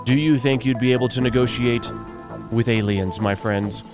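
A man's voice: mid-range voice, fairly even intonation, normal speed, over music. A man hosting a morning radio show, chatting wryly through news items with offhand asides. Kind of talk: solo talk radio monologue.

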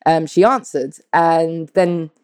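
Blunt woman, low-voiced storyteller. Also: slow, clear, resonant tone, dry recording, studio quality. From United Kingdom. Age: 30s. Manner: animated, blunt and profane, addresses viewers directly. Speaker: vlogger. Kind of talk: candid personal storytelling.

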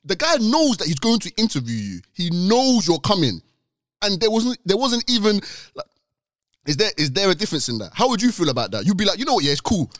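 A man's voice: high voice, big pitch swings, no room sound, studio quality. A man co-hosting a casual podcast, making his case insistently and acting out the people he quotes. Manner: quick, insistent, acts out quoted speakers. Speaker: podcast co-host.

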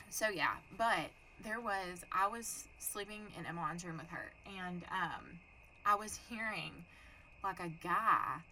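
A woman's voice: on the low side, slight background noise, poor audio. A young adult woman co-hosting a podcast, telling a story in casual, profane chat and acting out the people in it. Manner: animated, profane, acts out voices in her story. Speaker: podcast co-host.

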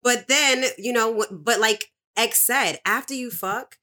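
A woman's voice: on the high side, sharp tone. A woman co-hosting a podcast, talking frankly and candidly. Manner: frank and candid, quick to agree. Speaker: podcast co-host. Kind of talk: casual chat.

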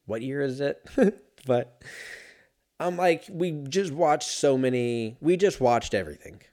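A young adult man riffing in a rambling, profane, casual comedic monologue, breaking into laughs and sudden shouts. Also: mid-range voice, expressive, unhurried. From Los Angeles area.

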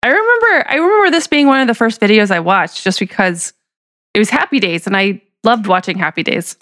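A woman's voice: mid-range voice, lively intonation, brisk, a bit bright. A woman co-hosting a casual podcast, chiming in with short agreements and details she looked up. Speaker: podcast co-host. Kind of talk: casual chat.

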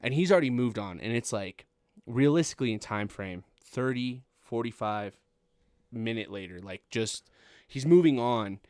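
A man's voice: medium pitch, lively intonation, moderate pace, darkish tone, dry recording, studio quality. A young man in his twenties telling a long, rambling, profane story in casual chat and laughing at it.

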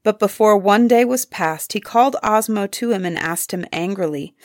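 A woman reads a fairy tale aloud for listeners, in an expressive storybook manner. Her voice sits at a middling pitch, and the recording is dry and close to the mic. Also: moderate pace, few pauses, no room sound. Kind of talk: scripted storybook narration.

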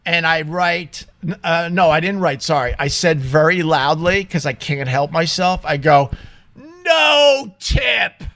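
Bright, high-voiced ranting man. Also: measured pace. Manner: indignant, emphatic, swears freely. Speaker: vlogger telling a story. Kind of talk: casual ranting monologue. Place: small home studio.

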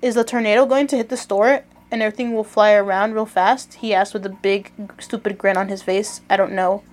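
A woman's voice: mid-range voice, fairly even intonation, fairly quick. A young woman co-hosting a casual podcast, reading a story aloud and chatting with her siblings. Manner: reads aloud plainly, giggly in banter.

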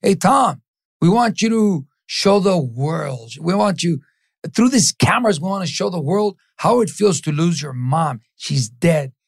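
A middle-aged man from East Los Angeles, a podcast guest giving an animated motivational talk, acting out the voices in his stories and dropping in Spanish phrases. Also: sits high, a little slow, vocal fry, breathy edge, no room sound, clean studio sound.

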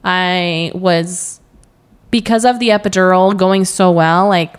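A young woman talks casually as a podcast guest, telling her story with plenty of quoted asides and easy laughter. Her voice sits a little low for a woman. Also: fairly even intonation, slow pace, smooth. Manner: chatty storytelling, quotes herself, laughs often. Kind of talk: casual interview chat.

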